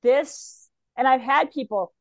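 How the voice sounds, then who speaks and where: Woman, psychic medium interview guest, lively, acts out voices, a bit high, dry close sound. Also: slow, no room sound. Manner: animated, acts out clients' voices in quotes. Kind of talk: conversational interview talk.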